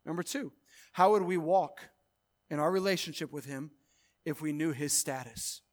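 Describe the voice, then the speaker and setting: On the high side in pitch, this pastor's sermon ranges from hushed, quiet lines to loud, elongated proclamations. Bursts of fast exhortation come in between.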